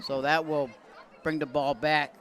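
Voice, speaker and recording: A man calling a local high school football game as play-by-play announcer from the press booth. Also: unhurried. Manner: excited shouting on big plays. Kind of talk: local sports commentary. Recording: loud crowd and music behind.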